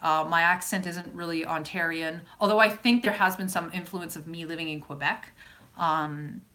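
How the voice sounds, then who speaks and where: A woman's voice: lowish voice, steady tone, moderate pace, sharp tone. A woman with a Calgary, Alberta Canadian accent, chatting casually as a YouTuber who answers viewer comments, rambling and often breaking off mid-sentence. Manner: rambling, self-interrupting, chatty. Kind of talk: casual live chat.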